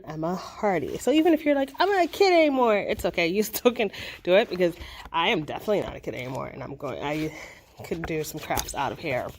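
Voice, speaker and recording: A woman's voice: lowish voice, a little hiss or hum. A young adult woman, a librarian, chatting and encouraging as she walks through a simple craft for kids. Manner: chatty and encouraging, with many fillers. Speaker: children's librarian hosting a craft video. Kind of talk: casual craft tutorial.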